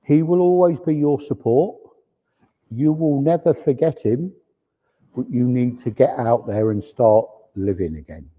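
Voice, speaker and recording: A man's voice: medium pitch, measured pace. A man acting as a medium at a service, passing on spirit messages and often saying "he says". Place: large village hall. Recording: reverberant hall, dull lo-fi sound.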